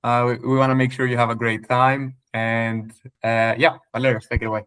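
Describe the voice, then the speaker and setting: A man welcoming travelers on a video call. He sounds friendly and pauses often with fillers, and his voice sits at an ordinary middle pitch. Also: flat delivery, fairly bright tone, clean tone. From Greece. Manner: friendly, halting with many fillers. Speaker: local tour organizer.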